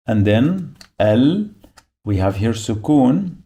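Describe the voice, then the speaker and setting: A man's voice: fairly low pitch, animated, takes it slowly, dark tone. A man giving a beginner phonics lesson, repeating each sound and syllable patiently as he explains the marks. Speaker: Arabic teacher.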